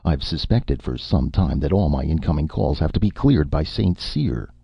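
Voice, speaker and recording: A man's voice: a bass voice, expressive, normal speed, vocal fry, husky, dry recording, heavily acted. A man voicing a gloomy, plaintive male writer in a spoken story. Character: gloomy, put-upon male screenwriter. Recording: dull lo-fi, dry.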